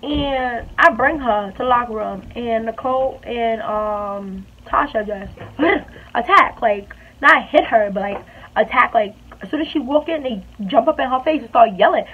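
A woman vlogger retells a story in a lively, chatty voice that sits a little high. Her voice comes through thin and phone-like, with a faint hiss in the background. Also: normal speed. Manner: animated, chatty retelling with emphatic repeats. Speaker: beauty vlogger. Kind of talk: storytime vlog.

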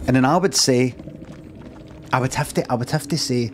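A man's voice: medium pitch, huge pitch swings, fairly quick, long pauses, faint music behind. A middle-aged Scottish man streaming a rambling, sweary comic monologue, acting out imagined arguments. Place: home streaming room. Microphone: streaming mic.

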